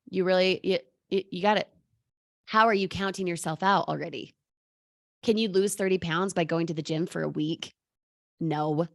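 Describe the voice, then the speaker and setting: A woman's voice: on the low side, steady tone, moderate pace, creaky, pauses often, dry recording. Sassy woman hyping up her sales team live, punchy and direct, dry sound. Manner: bold, sassy, emphatic; addresses viewers by name. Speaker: sales coach. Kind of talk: motivational live talk.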